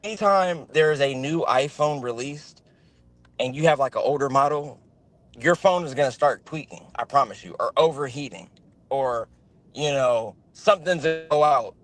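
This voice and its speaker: A man on a video call talks in a loose, rambling way, full of fillers and restarts. His pitch sits in the middle for a man, and the talk comes through live call audio. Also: normal speed, fairly bright tone. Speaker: guest on a livestream. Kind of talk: casual chat.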